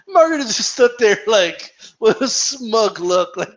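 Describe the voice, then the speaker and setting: A man's voice: high-pitched, very animated, unhurried, hardly any pauses. A young man chatting casually on a live boxing stream, laughing a lot, swearing freely, and slipping into Spanish when he quotes fighters. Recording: dull lo-fi stream audio.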